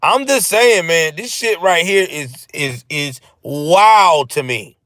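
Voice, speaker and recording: A man hosting a live stream, giving ranting political commentary in a profane, animated way and answering his chat. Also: on the high side, slow, no room sound.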